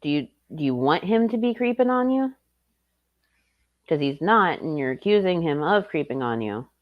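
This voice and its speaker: A woman with a Southern US accent, hosting a stream and chatting casually with relaxed, playful asides. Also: sits low, normal speed, muffled recording. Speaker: streamer host.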